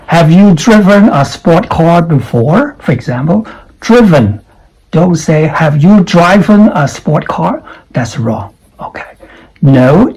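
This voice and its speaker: A male English teacher walks through pronunciation one word at a time, repeating each sound and putting questions to the viewer. His delivery is unhurried and his voice has a husky, mellow grain. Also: a little high, rough recording. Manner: drills words slowly, repeats sounds, asks the viewer questions. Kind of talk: pronunciation lesson.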